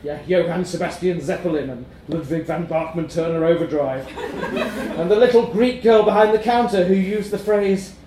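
Guy reading a gritty funny story out loud, dry wit, kinda high voice, echoey room. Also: normal speed, background noise. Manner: wry, darkly comic delivery with chuckles. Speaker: narrator. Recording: roomy echo.

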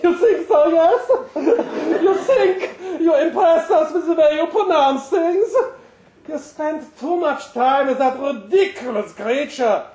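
A man's voice: very high-pitched, slow pace, darkish tone, a little hiss or hum, pitched above the performer's own voice. A man voicing an angry, scornful office boss with a German accent, barking orders and sneering. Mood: mocking. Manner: barking, sneering, mocking laughter. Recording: roomy live venue sound.

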